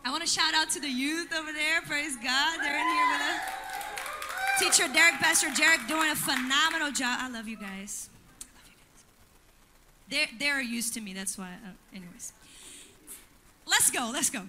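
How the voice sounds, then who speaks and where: A woman's voice: sits high, normal speed, noisy background. A woman pastor, preaching a sermon in church with emphatic delivery and call-and-response asides.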